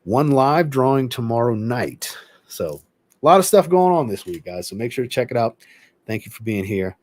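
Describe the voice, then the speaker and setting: A man hosting a livestream and chatting casually, reading viewer comments aloud and answering them in a relaxed, rambling way. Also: medium pitch, normal speed, dry recording. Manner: relaxed, rambling, with filler words. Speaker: host.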